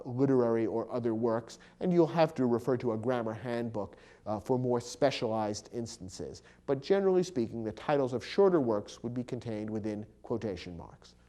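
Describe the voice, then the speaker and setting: A man explaining a grammar lesson in a measured, patient way, with occasional fillers. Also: medium pitch, dark tone. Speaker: English teacher.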